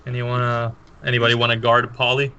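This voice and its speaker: A man's voice: medium pitch, monotone, fairly quick, lo-fi sound, noisy background. A man playing a tabletop game, eagerly chatting and explaining rules to the table. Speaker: player. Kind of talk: casual chat at a game table.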